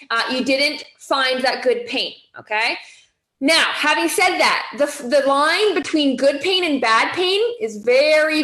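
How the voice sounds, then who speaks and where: A woman's voice: high voice, fairly bright tone, echoey room, rough recording. A woman coaching a group on weight loss in a chatty way, often checking in with "okay?" and "right?".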